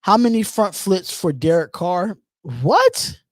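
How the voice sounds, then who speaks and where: A man from Philadelphia hosting a live call-in show, reading out chat questions and answering in an animated, repetitive way. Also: high voice, normal speed, no room sound, clean studio sound. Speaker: host.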